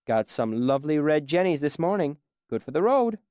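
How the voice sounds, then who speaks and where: A man narrating an audiobook, voicing a busy, brusque woman innkeeper in a brisk, snappish voice. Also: deep voice, sing-song, warm tone, clear, resonant tone, dry recording, clean studio sound, voice pushed up.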